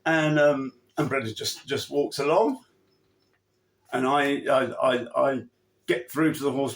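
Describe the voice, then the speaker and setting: A man's voice: mid-range voice, a little slow. A man who trains horses, giving an emphatic, chatty riding lesson and acting out his cues to the horse. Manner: chatty, with restarts and asides. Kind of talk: instructional talk.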